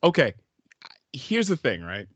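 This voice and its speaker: A man co-hosting a casual podcast who teases his friend and keeps pressing his point. His mid-pitched voice moves up and down a lot. The recording is dry and close to the mic. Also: huge pitch swings, unhurried, a bit bright, breathy edge, no echo. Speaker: podcast co-host. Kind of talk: casual chat.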